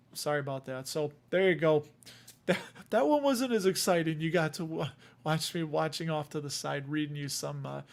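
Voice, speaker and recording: Male livestream host, slightly higher voice, casual and self-mocking. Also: creaky. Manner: chatty, self-deprecating, reads out lists.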